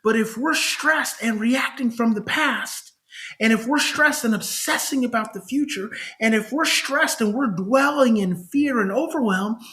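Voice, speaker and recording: A middle-aged man, a child behavior specialist on a podcast, telling stories conversationally and acting out the parents he quotes. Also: very high-pitched. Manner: animated, acts out parents' voices when quoting them. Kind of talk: conversational storytelling.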